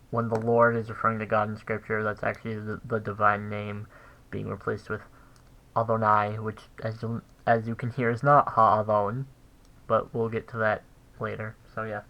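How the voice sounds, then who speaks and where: A man giving a casual recorded language lesson, thinking aloud with pauses and restarts. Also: fairly low pitch, completely flat delivery, fairly bright tone, poor audio. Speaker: language teacher.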